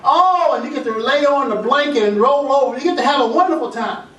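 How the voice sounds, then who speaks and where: A man's voice: very high-pitched, expressive, a little fast, bright, forceful tone, dull audio, pitched above the performer's own voice, full character voice. A man voicing an eager, boastful, pampered male house dog in a spoken story. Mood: coaxing. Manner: coaxing, boastful. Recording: roomy echo, voice from far off.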